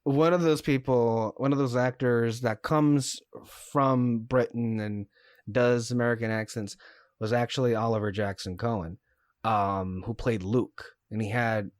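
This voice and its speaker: A man's voice: lowish voice, no room sound, studio quality. A man co-hosting a podcast, talking casually and hesitantly with many fillers and self-corrections. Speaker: podcast co-host reviewing a TV series.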